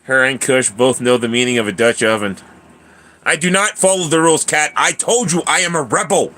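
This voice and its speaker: A man's voice: medium pitch, a little fast, bright, forceful tone. A man in his thirties hosting a casual livestream, rambling and chatty as he answers viewers by name. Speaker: livestream host.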